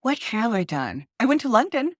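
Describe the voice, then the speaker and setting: A woman's voice: a little high, sing-song, moderate pace, no echo. Woman author from Ohio, bubbly guest, laughs easily, dry close sound. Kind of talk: casual interview chat.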